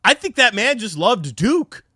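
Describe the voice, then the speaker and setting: A man's voice: high-pitched, very animated, measured pace, sharp tone, dry recording, studio quality. A young man from North Carolina, chatting on a casual livestream and telling rambling, profane stories full of fillers. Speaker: streamer.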